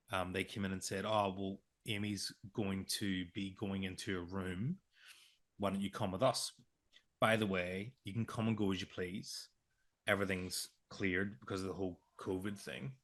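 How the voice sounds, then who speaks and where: Man retelling a hard memory, low-voiced. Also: fairly bright tone. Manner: emotional retelling with quoted dialogue, hesitant restarts. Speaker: podcast co-host. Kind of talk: personal storytelling.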